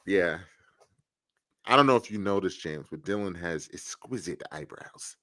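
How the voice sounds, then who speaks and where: A man's voice: deep voice, expressive, normal speed, bright, forceful tone, no echo, studio quality. Teasing New man on a podcast. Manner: teasing, laughing, backing up stories. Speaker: podcast co-host. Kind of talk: casual chat.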